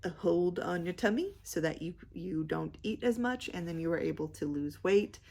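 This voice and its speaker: A young woman chatting casually about books she read, rambling with many fillers and pausing to search for words. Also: on the low side, expressive, creaky, darkish tone. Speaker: book vlogger. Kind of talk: casual book review chat.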